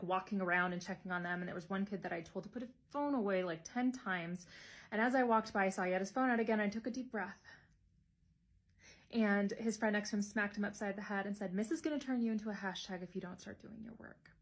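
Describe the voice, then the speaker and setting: A woman teacher telling classroom stories to camera, wry and dry, sometimes dropping to hushed gossipy asides. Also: medium pitch, fast. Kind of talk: casual storytelling to camera.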